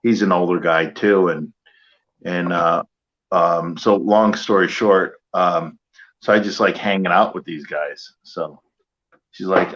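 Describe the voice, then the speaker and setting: Low-voiced man telling a rambling story. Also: fairly even intonation, measured pace, fairly bright tone, lo-fi sound. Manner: rambling, many fillers and restarts. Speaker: guest wrestler signing autographs. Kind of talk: casual storytelling.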